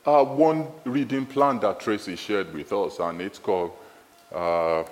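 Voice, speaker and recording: A man with a Nigerian accent preaching a sermon in a church, lively and animated, often repeating his phrases. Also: a little slow, long reverb tail, faint music behind. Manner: lively, animated, repeats phrases, rises high when excited.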